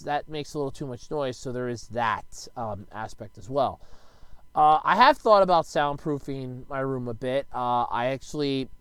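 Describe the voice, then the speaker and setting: Casual male vlogger with a mid-pitched voice, rambling and cursing, with sudden loud bursts; close mic, dry room. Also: normal speed, clear, resonant tone, no room sound. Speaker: YouTuber answering viewer questions. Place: his bedroom at home. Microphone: close desk microphone.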